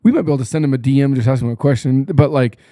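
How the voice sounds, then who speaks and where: A man hosting a casual podcast interview, tossing in quick animated asides. His voice is mellow and mid-pitched, and the recording sounds dry and close. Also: dry recording. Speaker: podcast host.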